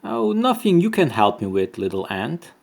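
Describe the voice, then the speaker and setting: A man voicing a timid, gentle badger in a children's storybook, soft and polite. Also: on the high side, huge pitch swings, moderate pace, vocal fry, pitched above the performer's own voice, full character voice. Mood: worried.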